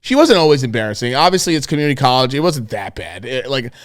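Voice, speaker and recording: A young man co-hosting a podcast, telling stories in a casual, profane, animated way and acting out the people in them. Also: medium pitch, quick pace, dry recording, studio quality. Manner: profane, animated storytelling with quoted voices. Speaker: podcast co-host. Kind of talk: casual chat.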